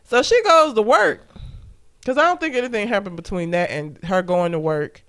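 A woman's voice: medium pitch, normal speed, a bit bright. A woman co-hosting a casual podcast, animatedly retelling a film's plot with lots of profanity. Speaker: podcast co-host. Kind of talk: casual movie recap chat.

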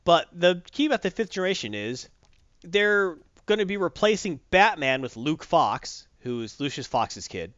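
A man's voice: fairly high pitch, sing-song, moderate pace, a bit bright, no room sound, muffled recording. A man chatting casually as a podcast host, rambling and correcting himself as he goes. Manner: rambling, self-correcting, enthusiastic. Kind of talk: casual chat.

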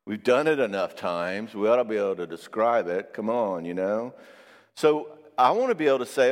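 In a hall with long reverb, a middle-aged man delivers a marriage sermon at a moderate pace in a fairly low voice. He brings his stories to life by acting out quotes and keeps the audience engaged with repeated "all right?" check-ins.

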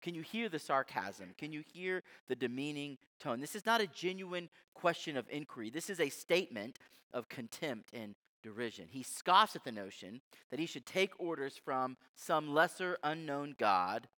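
A man's voice: a little high, sing-song, normal speed, bright, forceful tone. A male pastor preaching a sermon in a conversational, emphatic way, explaining things to his listeners. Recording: long hall reverb.

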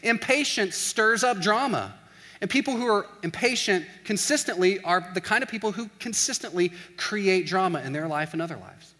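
A college pastor preaching in a relaxed, conversational way, animated, acting out everyday scenes and saying "like" a lot. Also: male voice, high voice, moderate pace, in a large hall. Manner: animated, acts out little scenes in quoted voices, says "like" often. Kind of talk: casual conversational sermon.

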